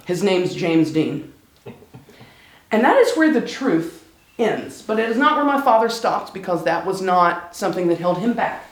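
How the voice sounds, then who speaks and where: A speaker telling a personal story live on stage, chatty and lightly humorous, slowing down at emotional moments. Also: medium pitch, lively intonation, roomy sound, rough recording. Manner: conversational, warm-humored, slows down for emotional moments.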